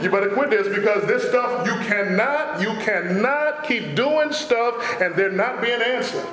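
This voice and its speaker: A man a call-and-response sermon, drawling asides and sudden shouts. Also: sits high, moderate pace, hardly any pauses. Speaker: pastor. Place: church sanctuary. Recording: very echoey church hall.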